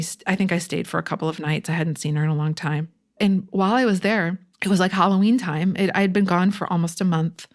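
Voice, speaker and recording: A woman in her forties from Michigan tells a story as a podcast guest, in a relaxed, candid way. Her voice sits a little low, and she swears freely and laughs at her own mistakes. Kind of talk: casual storytelling.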